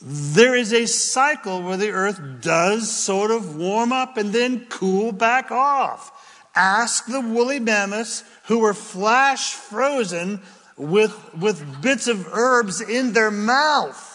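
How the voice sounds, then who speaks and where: A man's voice: high voice, expressive, slow, fairly bright tone, long reverb tail. A man hosting a Christian talk show, giving a rambling, jokey opinion monologue with frequent asides. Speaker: Christian radio or podcast host.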